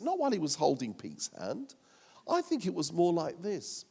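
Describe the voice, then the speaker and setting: Gravelly pastor in a reverberant hall. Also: male voice, fairly high pitch, wildly swooping pitch, normal speed, darkish tone. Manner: humorous, self-mocking, many fillers. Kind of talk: sermon. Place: church hall. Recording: long church hall reverb.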